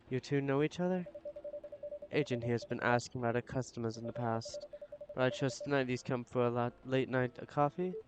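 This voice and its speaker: A man's voice: mid-range voice, fairly quick, a little hiss or hum. Man casually reading game dialogue. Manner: reads several characters in turn, casual. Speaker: let's play gamer reading dialogue aloud.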